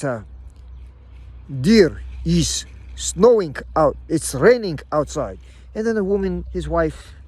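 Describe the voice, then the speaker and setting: A middle-aged man talks straight to his viewers in a loose, rambling vlog. He stammers and restarts as he goes. His voice sits fairly high and leaps up and down. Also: no echo. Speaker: vlogger. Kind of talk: casual rambling monologue.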